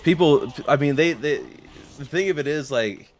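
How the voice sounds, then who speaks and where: A man's voice: fairly high pitch, normal speed. A man streaming a game and chatting casually, rambling and swearing, with frequent laughs and restarts. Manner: rambling, profane, laughs often, many restarts. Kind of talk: casual chat while gaming.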